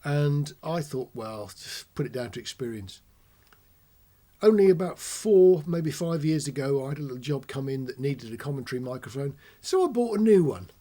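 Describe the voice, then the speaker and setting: Man, dark, husky voice, chatty technical explainer, close mic. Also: mid-range voice, lively intonation, normal speed. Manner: chatty, demonstrates whispering and shouting into the mic. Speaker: host demonstrating audio gear. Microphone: close ribbon commentary mic.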